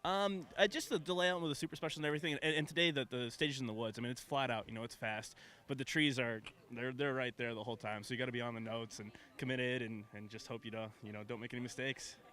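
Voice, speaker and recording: A man, a rally driver, answering interview questions in a relaxed, hesitant way. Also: mid-range voice, fast talker. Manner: relaxed, hesitant, many fillers. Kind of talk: casual interview.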